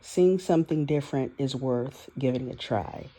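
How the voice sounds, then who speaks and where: A woman with a low, warm, relaxed voice shares her life candidly in a personal vlog. She talks openly and emotionally, laughing often and trailing off into restarts as she searches for words. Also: normal speed. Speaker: vlogger. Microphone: audio only, no video.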